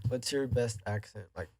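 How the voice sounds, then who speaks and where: A man's voice: medium pitch, darkish tone, no echo. A man co-hosting a casual podcast, playfully tossing questions to his friends. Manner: playful, asks lots of questions. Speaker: podcast co-host. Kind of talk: casual chat.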